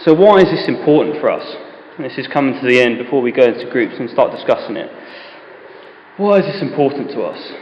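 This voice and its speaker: A man's voice: mid-range voice, expressive, a little fast, slight background noise. Man, informal church-group speaker, conversational with rhetorical questions; reverberant hall, dull recording. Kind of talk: informal Bible talk. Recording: echoey hall, dull lo-fi sound.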